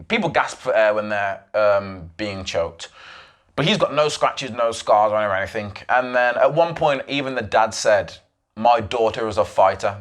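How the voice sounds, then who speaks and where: A man's voice: medium pitch, a bit bright. Young male podcast host, mid-range voice, emphatic rambling monologue. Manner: rambling, emphatic retelling with restarts and asides.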